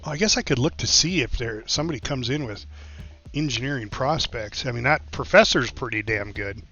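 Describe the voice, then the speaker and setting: A man's voice: medium pitch, lively intonation, fairly quick, bright, forceful tone. A man casually commenting on a strategy game as he plays, thinking aloud with many fillers. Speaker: gameplay streamer. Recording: slightly dull lo-fi mic with faint music.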